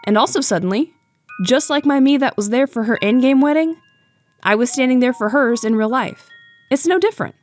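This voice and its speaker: Young woman, higher pitch, sincere and thoughtful narration with a joking edge. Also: a little fast, soft background music. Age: young adult. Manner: earnest and reflective, with playful asides. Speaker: YouTube video essayist. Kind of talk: scripted narration.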